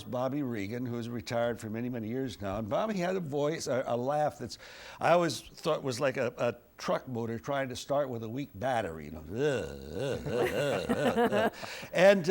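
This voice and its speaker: An older man, a veteran TV weatherman, telling a humorous anecdote in a wry, chuckling, animated way from a TV studio. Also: medium pitch, gravelly. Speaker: TV weatherman and host.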